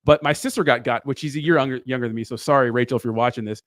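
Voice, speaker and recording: A man co-hosting a casual talk show, agreeable and quick to chime in. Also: mid-range voice, a bit bright, dry recording, clean studio sound. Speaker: co-host. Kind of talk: casual podcast chat.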